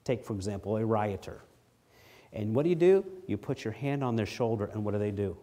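A middle-aged man preaching a sermon, reading scripture aloud with swelling emphasis and dropping low for asides. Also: expressive, fairly quick, warm tone. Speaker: pastor.

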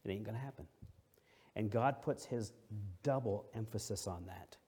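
Warm-voiced male preacher, emphatic and repetitive. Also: lowish voice, normal speed, husky. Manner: emphatic, repeats key phrases, swings between loud and soft. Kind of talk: sermon, verse-by-verse word study.

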